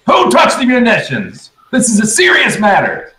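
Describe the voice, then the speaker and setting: A man's voice: mid-range voice, lively intonation, fast talker, a bit bright, reverberant, close to an everyday voice. A man voicing a bossy, fatherly male ship captain who demands answers in a tabletop game. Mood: blustering. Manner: blustering, demanding.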